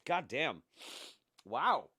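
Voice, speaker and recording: Man, streamer, casual and profane, lively pitch, bright tone. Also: extremely slow, slightly rough, no echo. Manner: profane, animated, laughing. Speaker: livestream host. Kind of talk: casual livestream chat reading superchats.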